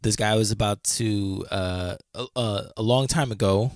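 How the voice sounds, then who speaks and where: A man's voice: fairly low pitch, unhurried, dry recording, studio quality. A man co-hosting a podcast, retelling a friend's story in a rambling casual way, full of fillers and restarts. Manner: rambling retelling, many fillers and restarts, acts out quoted lines. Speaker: podcast co-host.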